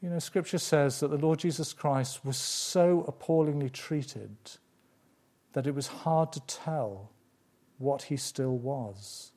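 Guy preaching, warm mellow voice, slows down and repeats stuff for emphasis. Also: a little high. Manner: emphatic, with dramatic pauses and repetition. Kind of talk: sermon.

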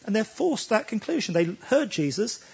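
A man's voice: high-pitched, very animated, moderate pace, vocal fry, breathy edge, lo-fi sound. A man preaching a sermon, talking emphatically and pressing his listeners with rhetorical questions.

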